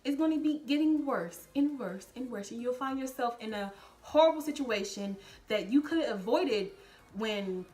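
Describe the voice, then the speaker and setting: Animated young woman telling a personal story. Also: a little high, normal speed. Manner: animated, addresses viewers as y'all, laughs while telling. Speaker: vlogger. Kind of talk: casual storytelling to camera.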